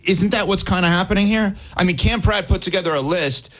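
A man co-hosting a sports talk radio show, arguing his points with animated questions. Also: high-pitched, fairly quick.

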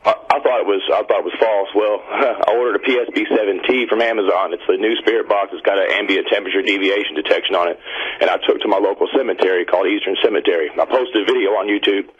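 Husky-voiced male radio caller. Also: on the low side, quick pace. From Indiana. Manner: rambling, excited storytelling with fillers. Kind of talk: call-in radio story. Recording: dull radio line.

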